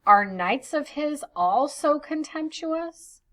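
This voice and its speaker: A woman's voice: sits high, lively intonation, slow, a bit bright, voice pushed up, heavily acted. A woman doing an ancient wife, reproachful. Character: ancient wife pleading with her new husband.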